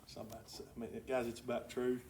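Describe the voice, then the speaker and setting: A man preaching in a church, telling a story in a colloquial, excitable way with sudden loud bursts. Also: mid-range voice, fast talker, recorded from a distance, a little hiss or hum. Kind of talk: sermon with storytelling. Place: church sanctuary.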